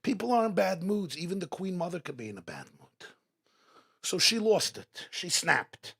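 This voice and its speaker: A man delivers an inspirational talk to a live audience in an event hall. His voice sits a little high and carries a husky, gravelly grain. He drives his points home with strings of repeated rhetorical questions. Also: sing-song, normal speed, fairly bright tone. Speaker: guest speaker at a religious gathering.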